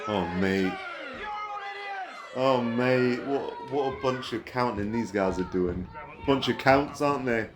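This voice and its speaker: A man calling a wrestling match play by play, excitable and breaking into high yelps at big moves. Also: slow, a crowd in the background. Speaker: wrestling commentator. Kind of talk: play-by-play commentary. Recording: commentary over loud music.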